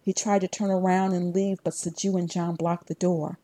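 A woman narrates a first-person story with steady, even pacing. Her voice sits low and mellow, recorded close with no room sound around it. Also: moderate pace, no echo. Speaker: audiobook narrator.

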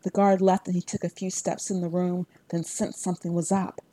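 A woman narrating a first-person fantasy audiobook in a steady, even storytelling voice on a close mic. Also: on the low side, brisk, no room sound.

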